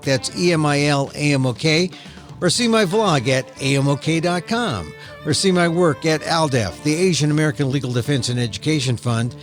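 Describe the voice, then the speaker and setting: Male podcast host, scripted outro; fairly high voice, steady announcer read over guitar music. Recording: studio voice-over with music bed.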